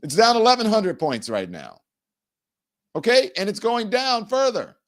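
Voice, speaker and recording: A middle-aged man hosting a live-stream talk show, animated and sarcastic, often mimicking the people he talks about. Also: high-pitched, unhurried. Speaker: host.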